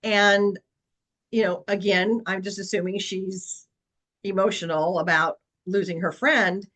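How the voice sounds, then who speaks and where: Woman real estate agent telling a story in a webinar, earnest, lots of ums, regular pitch. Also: fairly even intonation, a little slow, rough recording. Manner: warm, earnest anecdotal storytelling with frequent fillers.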